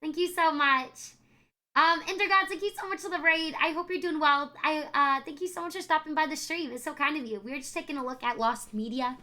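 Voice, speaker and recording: A woman's voice: high-pitched, a little fast, sharp tone. A young woman streaming live, chatting casually and effusively thanking viewers by name. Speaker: variety streamer.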